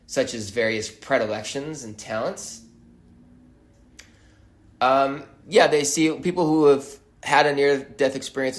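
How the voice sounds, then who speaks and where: A man hosting a solo podcast, talking in a wry, musing way and often pausing to hesitate. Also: medium pitch, echoey room. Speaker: podcast host.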